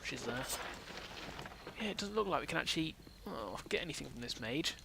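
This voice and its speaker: A man's voice: a little high, animated, fairly quick, creaky, noisy background. A young man casually commenting on his gameplay as a let's play host, thinking aloud.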